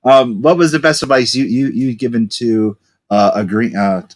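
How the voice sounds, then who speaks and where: A man's voice: medium pitch, moderate pace. A man hosting a casual podcast interview, asking long, rambling questions with many restarts. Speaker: podcast host.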